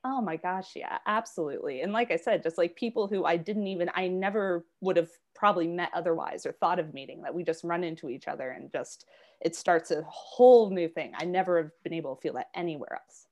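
A woman's voice: lowish voice, a little fast, darkish tone. Young woman reading and chatting. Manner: laughs often, chatty with many fillers. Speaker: guest. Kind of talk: poetry reading and casual chat.

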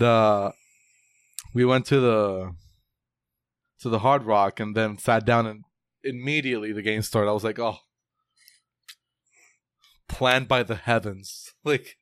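A man chatting casually about soccer, laughing often and breaking into high exclamations. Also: smooth, no room sound, clean studio sound. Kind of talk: casual chat.

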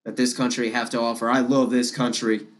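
A man's voice: mid-range voice, level tone, fairly quick. A man hosting a podcast, giving a political monologue in an impassioned, repetitive and combative way. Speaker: podcast host.

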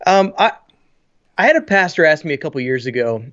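A man who is a pastor and podcast co-host, talking in an energetic, joking way. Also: on the high side, fairly quick, muffled recording. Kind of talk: podcast conversation.

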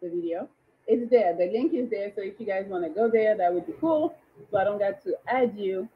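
A woman's voice: mid-range voice, expressive, fairly quick, husky, lo-fi sound. A woman hosting a live dating show, chatting and greeting viewers by name. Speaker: livestream dating show host. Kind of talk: casual livestream hosting.

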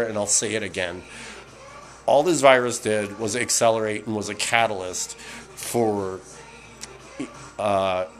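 A middle-aged man from Canada hosting a podcast, ranting casually with lots of swearing, fillers and restarts, a bit tipsy from beer. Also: on the low side. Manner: profane, rambling, many fillers and restarts. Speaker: podcast host.

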